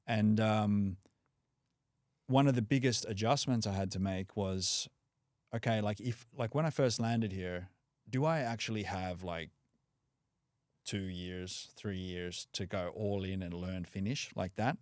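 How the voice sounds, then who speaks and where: A man's voice: lowish voice, measured pace, no echo, studio quality. A man from Australia, a podcast guest, chatting casually with lots of "like" and "you know". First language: English. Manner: relaxed, frequent "like" and "you know" fillers. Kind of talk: casual conversation.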